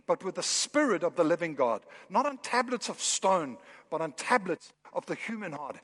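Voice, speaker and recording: High-voiced man preaching in a hall. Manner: animated preaching, building emphasis. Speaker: pastor. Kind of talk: sermon. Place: church hall.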